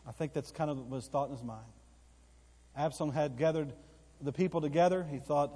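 A man preaching a sermon to his church, telling a story that rises into excited bursts. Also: fairly high pitch, brisk, husky. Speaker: pastor. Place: church sanctuary. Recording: long reverb of a church hall.

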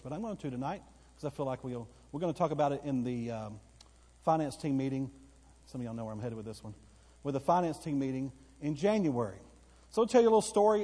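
Pastor preaching in a reverberant church. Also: male voice, a little high, breathy edge. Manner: storytelling, rising to excited bursts. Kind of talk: sermon. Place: church sanctuary. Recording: long reverb of a church hall.

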